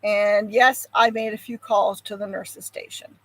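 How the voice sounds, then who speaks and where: A woman's voice: mid-range voice, flat delivery, a little slow, fairly bright tone, rough recording. An older woman hosting a homestead channel, chatting casually with viewers in a rambling way, with frequent ums and sighs. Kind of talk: casual chat, answering viewers.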